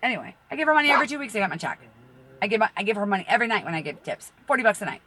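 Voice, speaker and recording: Profane rambling woman with lively pitch. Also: racing, heavy background noise. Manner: profane, rambling, laughs at her own stories. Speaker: tarot reader and channel host. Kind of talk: rambling personal storytelling.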